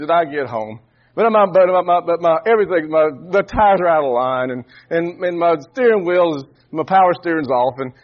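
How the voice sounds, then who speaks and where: A man's voice: fairly high pitch, lo-fi sound. A man preaching a sermon, telling a folksy story and often repeating and restarting words.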